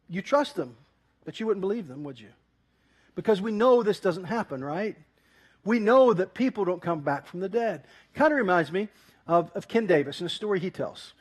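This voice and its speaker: A man pastor preaching an animated sermon, telling a story and laughing often. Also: sits high, slightly rough. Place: church.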